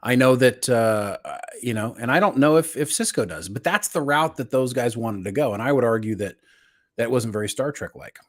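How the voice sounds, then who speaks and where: A man's voice: medium pitch, expressive, fairly quick. A man co-hosting a casual pop culture podcast, walking through an episode step by step with frequent restarts. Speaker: podcast co-host.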